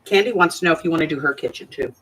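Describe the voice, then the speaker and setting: A woman's voice: deep voice, racing, fairly bright tone, a little hiss or hum, rough recording. An older woman hosting a craft channel, talking casually through each step of her project as she works. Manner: chatty, talks through each step aloud.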